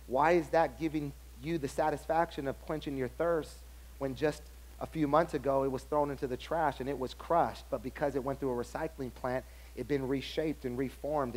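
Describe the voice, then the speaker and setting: A man pastor preaching a sermon, telling stories with lively acted-out dialogue. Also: a little high, a little fast. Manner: animated storytelling, acts out other people's lines.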